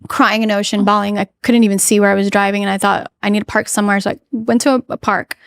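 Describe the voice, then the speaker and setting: A woman guest on an interview podcast, sharing a painful personal story in an earnest, emotional way with many halting restarts. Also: medium pitch, little pitch movement, vocal fry, clean tone, dry recording. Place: podcast studio. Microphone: podcast microphone.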